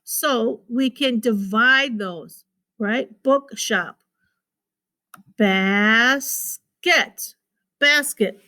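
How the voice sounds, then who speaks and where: A woman's voice: on the high side, takes it slowly, sharp tone. A woman teacher giving a recorded phonics lesson to children, patiently repeating words and sounding out their syllables.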